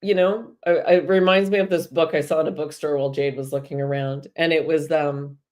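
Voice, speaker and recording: A low-voiced woman hosts a live spiritual talk for her viewers. She chats casually, drifts between stories and encouragement, and laughs easily as she goes. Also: steady tone, a little fast. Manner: warm, chatty, laughs often. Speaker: host of a live spiritual energy show.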